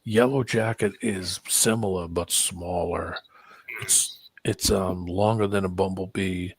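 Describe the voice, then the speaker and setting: A man's voice: sits low, fairly even intonation, measured pace, husky. A man hosting a casual stream chat, telling stories and acting out what people said, swearing casually. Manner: storyteller who acts out voices, swears casually. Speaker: stream host.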